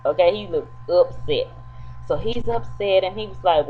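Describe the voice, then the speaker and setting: A woman's voice: lowish voice, normal speed, faint music behind. Chatty woman recapping a soap. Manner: chatty, animated, talks straight to viewers. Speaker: soap opera recap vlogger. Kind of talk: casual episode recap. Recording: dull lo-fi with faint hum.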